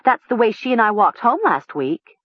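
Shaken quiet teen girl, read by a woman. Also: fairly high pitch, expressive, normal speed, husky, no echo, dull audio, voice pushed up. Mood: uneasy.

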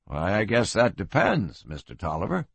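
A man voicing a calm western sheriff, low, dry and understated. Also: moderate pace, gravelly, husky, no room sound, full character voice. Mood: deadpan.

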